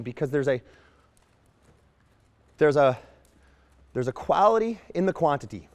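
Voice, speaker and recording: A man's voice: on the high side, big pitch swings, unhurried, darkish tone, in a large hall. A man working as a horse trainer, explaining a training demonstration as he works and voicing what the horse seems to think.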